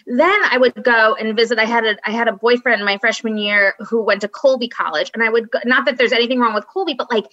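A woman's voice: on the high side, fairly bright tone, dry recording. A middle-aged woman from Long Island with a Long Island accent, an admissions counselor chatting frankly and loosely, full of likes and restarts. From Long Island, New York. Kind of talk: casual podcast chat. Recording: dull, dry lo-fi recording.

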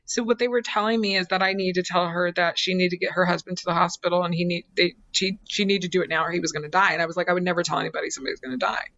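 A woman's voice: on the low side, steady tone, fast, hardly any pauses, fairly bright tone, no room sound. Dramatic storytelling woman, muffled dry sound. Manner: dramatic, acts out quotes, repeats phrases. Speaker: psychic medium guest. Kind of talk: animated storytelling in conversation.

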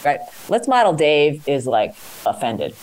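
A woman's voice: low voice, big pitch swings, measured pace, darkish tone, a little hiss or hum. A woman hosting a call-in show and coaching a caller on workplace communication, talking with energy and acting out sample dialogues.

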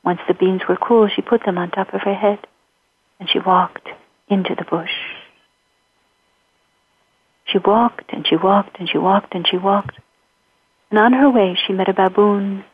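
A woman storyteller telling a folktale in a rhythmic, repetitive way, with a husky voice. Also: medium pitch, steady tone, normal speed. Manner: rhythmic, repetitive, sings short refrains. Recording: tinny phone-like recording.

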